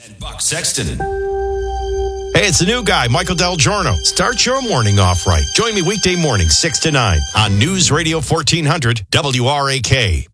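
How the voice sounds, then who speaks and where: A man's voice: on the high side, big pitch swings, moderate pace, hardly any pauses. A male morning show host voicing an upbeat, punchy station promo. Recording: promo with loud music bed.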